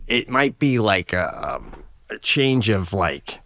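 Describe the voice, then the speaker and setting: A man's voice: on the low side, big pitch swings, slow pace, a bit bright, no echo, studio quality. A man co-hosting a casual comedic chat, laughing often and reassuring his friend. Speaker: co-host.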